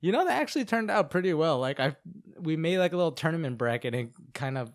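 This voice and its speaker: A man's voice: on the high side, very animated, fast. A man co-hosting a podcast, recapping an anime in a chatty, rambling way full of filler words. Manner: chatty, rambling recaps with many "like"s and acted-out quotes. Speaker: podcast co-host.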